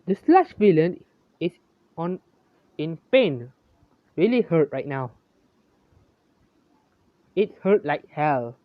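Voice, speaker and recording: Amateur narrator for a fan story, halting and self-correcting, lively in pitch, slow. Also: dry recording. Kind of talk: reading a homemade fan story aloud. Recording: dull, lo-fi, dry.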